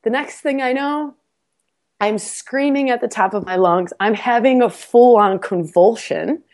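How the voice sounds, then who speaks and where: Telling a personal story a little slowly, a female podcast guest in a casual interview mocks herself, laughs frequently, and repeats words as she restarts sentences, all in an animated way. Her pitch is fairly high.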